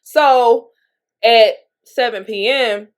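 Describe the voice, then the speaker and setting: A woman's voice: a little high, drawn-out words. Chatty woman telling a dating story. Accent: Southern US. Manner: chatty, candid, laughs between lines. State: sniffly from allergies. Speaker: vlogger. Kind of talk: casual storytelling monologue.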